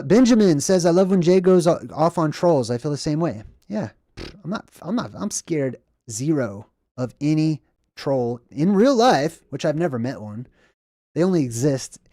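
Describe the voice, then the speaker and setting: A man with a fairly high voice and a dark, mellow tone hosts a casual livestream from a lamp-lit room. He rambles and stresses his points, often repeating himself. The sound is close and dry. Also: dry recording. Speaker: livestream host reading chat.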